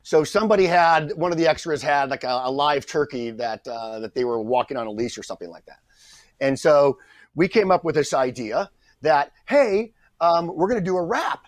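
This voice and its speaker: A middle-aged man, a guest actor on a podcast, telling a story in a lively way, acting out the people he quotes and often restarting his sentences. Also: medium pitch, fairly quick, dry recording. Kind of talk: anecdotal storytelling in a podcast interview.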